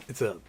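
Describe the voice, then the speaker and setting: A man's voice: darkish tone, a little hiss or hum. A man hosting a casual livestream who rambles, reads viewer comments aloud and laughs often. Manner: rambling, laughs often, mimics people in quotes. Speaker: livestream host. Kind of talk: casual livestream chat reading super chats.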